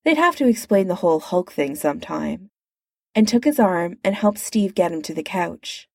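A woman narrating fiction in a measured, expressive audiobook reading. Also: lowish voice, vocal fry, no room sound, studio quality.

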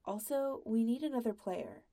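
A woman reads an excitable young man in a storybook reading, eager and a little pushy. The voice is mellow with a gravelly undertone. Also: on the high side, moderate pace.

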